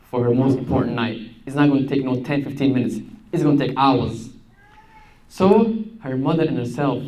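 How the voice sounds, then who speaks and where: A man's voice: medium pitch, distant mic. A man preaching a sermon through a story, with dramatic rises and direct questions to the listeners. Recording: echoey room.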